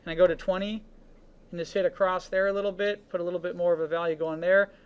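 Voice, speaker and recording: A man's voice: fast, clean tone, muffled recording. A man teaching digital painting on a screen recording, talking casually through each brush stroke with easy fillers. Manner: relaxed, talks while painting, narrates each brush stroke; casual, with fillers like "boom" and "you know". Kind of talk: screen-recorded art lesson.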